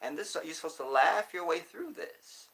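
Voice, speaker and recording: A man's voice: a little high, lively intonation, normal speed, gravelly, sharp tone, rough recording. A man speaking casually and emphatically to his viewers, repeating his points for stress. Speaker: commentator. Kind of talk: casual monologue.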